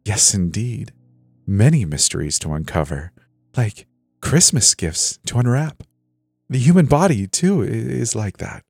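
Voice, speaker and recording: A man's voice: lowish voice, big pitch swings, a little slow, creaky, darkish tone, slightly rough, dry recording, studio quality, soft background music, voice pushed up, full character voice. A man voicing a huge, scarred middle-aged male killer who chats jolly and then hisses in a whisper, in a spoken horror story. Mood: hissing whisper. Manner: jolly cheer turning to hissing whisper.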